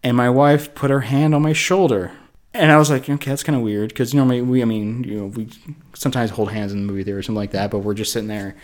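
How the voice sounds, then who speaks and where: A man's voice: mid-range voice, steady tone, fast talker. A man in his thirties, a podcast co-host, telling a story in casual movie chat and acting out his own reactions.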